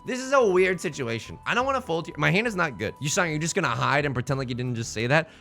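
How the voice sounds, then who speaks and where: A man's voice: a little high, expressive, fast talker, vocal fry, sharp tone, faint music behind. A man hosting a let's play, rambling playfully through casual game commentary with jokey asides.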